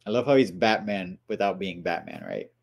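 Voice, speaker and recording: A man's voice: low voice, wildly swooping pitch, moderate pace, gravelly. A man hosting a movie watchalong, casually commenting on scenes, laughing often and playfully quoting the characters.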